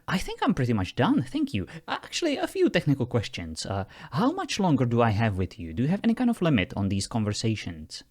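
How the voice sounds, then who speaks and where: Teasing man with a lively voice. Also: mid-range voice, a little fast, few pauses. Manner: teasing, exasperated, laughs often. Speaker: host testing a phone voice assistant. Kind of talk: casual talk with an AI.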